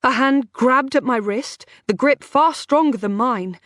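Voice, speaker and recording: A woman's voice: high-pitched, measured pace, fairly bright tone, no echo. Female audiobook narrator, dry close-mic sound, tense first-person storytelling.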